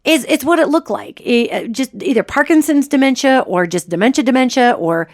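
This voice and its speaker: A woman hosting a podcast in a chatty, casual monologue, her voice gritchy and a little hoarse from allergies. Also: high voice, fairly quick. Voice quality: gritchy, slightly raspy. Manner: chatty and animated, jokey asides. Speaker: podcast host.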